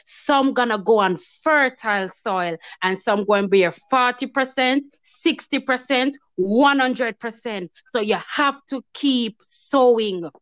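A woman with a fairly high, fairly bright voice speaks slowly and with hardly any pauses, on a dry recording that sounds dull and lo-fi. She is a guest telling her story, giving an emotional personal testimony in casual chat and acting out her own past words with feeling.

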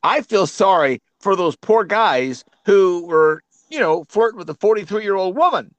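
A middle-aged man from Arkansas who co-hosts a talk show and tells stories in a chatty, easy way. His voice sits a little high and rises and falls a lot. It sounds close and dry. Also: expressive, normal speed, dry recording, lo-fi sound. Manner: chatty storyteller, slips into put-on British voices. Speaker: radio co-host. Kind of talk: casual chat.

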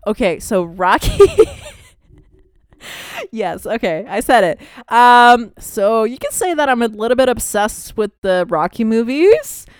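A woman's voice: on the high side, animated, unhurried, clear, resonant tone, no room sound, clean studio sound. A young woman hosting a podcast, chatting casually and rambling with frequent fillers and laughs. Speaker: podcast host. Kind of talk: casual chat.

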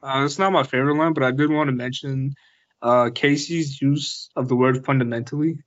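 A young man rambles casually through a podcast recap, leaning on filler words and slipping into mocking impressions. His voice sits in an ordinary middle pitch. The audio is slightly dull and lo-fi. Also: steady tone, fairly quick, no room sound. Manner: rambling, filler-heavy, mimics people mockingly. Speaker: podcast co-host. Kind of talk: casual chat recapping a reality show.

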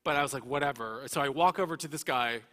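Earnest male storyteller with a bright, slightly high voice, recorded in an echoey hall. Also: fast. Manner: earnest, emotional storytelling with many restarts. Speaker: guest speaker. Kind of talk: personal testimony.

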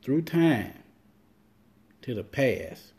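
A man's voice: medium pitch, big pitch swings, extremely slow, creaky, a little mellow. A man hosting a podcast, talking loosely and rambling, swearing freely and acting out quoted lines. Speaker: podcast host. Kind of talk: casual monologue.

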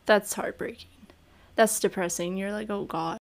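An animated woman on a casual film podcast. She talks at a middle pitch and keeps slipping into little acted-out quotes as she reacts. The delivery stays chatty and lively. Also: moderate pace. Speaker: podcast co-host. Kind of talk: casual film review chat.

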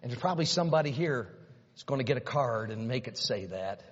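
A man preaching a sermon in a large church, swinging from hushed near-whispers to loud, emphatic runs, repeating words and piling up rhetorical questions. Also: medium pitch, lively intonation, brisk, a little hiss or hum. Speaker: pastor. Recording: dull, reverberant hall sound.

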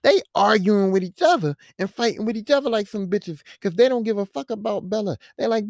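A podcast host ranting about a movie in a casual, profane, animated way, full of rhetorical questions. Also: medium pitch, fast talker, few pauses, dry recording, studio quality.

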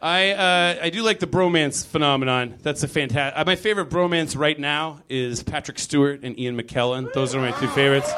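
A man doing a live stand-up set in a comedy club, rambling loosely and leaping into loud booming character voices. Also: fairly quick, few pauses, a faint crowd. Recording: live club recording with audience laughter. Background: audience laughing.

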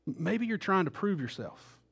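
A man's voice: high-pitched, very animated, unhurried, creaky, fairly bright tone, breathy edge. A male pastor preaching a sermon, acting out the quoted voices with rising intensity.

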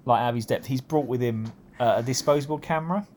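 A man chats in a loose, rambling way, laughing at his own jokes. His voice sits at an ordinary middle pitch. A faint noise runs under the recording. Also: fast, a little mellow. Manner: rambling, amused, many fillers. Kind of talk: casual comedic chat.

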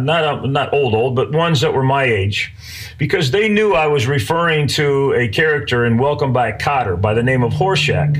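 A man's voice: fairly high pitch, fairly bright tone. A middle-aged man hosting a podcast, telling a personal story in a folksy, conversational way with many fillers. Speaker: podcast host.

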